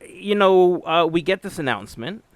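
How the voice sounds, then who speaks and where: A man's voice: high voice, animated, normal speed, no echo. A middle-aged man hosting a podcast, reading announcements and then chatting casually, telling stories in an upbeat way. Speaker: podcast host.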